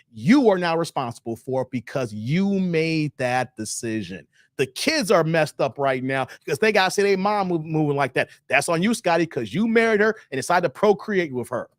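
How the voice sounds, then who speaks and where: A man's voice: high voice, no room sound, studio quality. Blunt, preachy man. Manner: blunt, preachy, repeats himself. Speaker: YouTube commentary host. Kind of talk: opinionated live-stream commentary.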